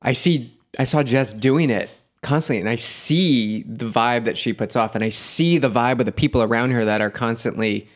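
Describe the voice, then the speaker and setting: A man's voice: medium pitch, normal speed. A man who is a guest on a podcast, telling his story in an earnest, reflective way during a casual conversation.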